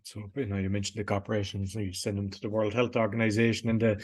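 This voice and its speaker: A man hosts a casual chat with a fairly low voice. He keeps a flat, even tone and phrases his questions loosely. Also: fast talker. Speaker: interview host.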